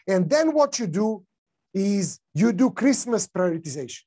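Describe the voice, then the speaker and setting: A man's voice: high-pitched, big pitch swings, unhurried, dark tone. A man with a non-native English accent giving a conference talk, casual, with many fillers and restarts. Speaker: conference speaker.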